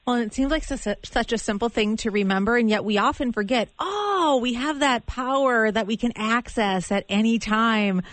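A woman's voice: a little high, moderate pace, hardly any pauses, no room sound. A woman hosting an interview, asking questions and thanking her guest graciously. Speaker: interview host. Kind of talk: faith interview.

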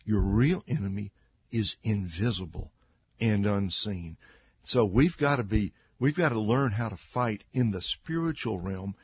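Man, low husky gravelly voice, earnest bible teaching, muffled lo-fi audio. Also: no echo. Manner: earnest, acts out quoted speakers with lively emphasis. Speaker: Christian author and radio guest.

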